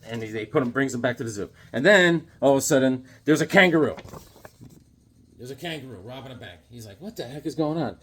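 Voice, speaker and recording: Rambling, enthusiastic man showing comics. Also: mid-range voice. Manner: rambling, enthusiastic, restarts and filler words. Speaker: comic book reviewer. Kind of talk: casual comic book show-and-tell.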